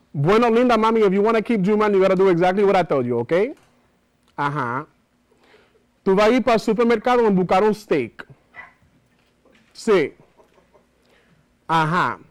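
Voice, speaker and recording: A man's voice: high voice, expressive, normal speed, long pauses, pitched above the performer's own voice. A man performing a bossy phone spiritual adviser in a solo theater monologue, with a brassy code-switching manner. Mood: bossy, confiding. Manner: brassy code-switching between Spanish and English, calling everyone mami.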